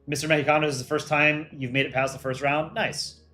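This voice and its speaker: A man's voice: fairly high pitch, steady tone, fast, sharp tone, soft background music. A man who voices cartoon characters, hosting a casual livestream and reading viewer chat aloud as he runs polls. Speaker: livestream host and voice actor.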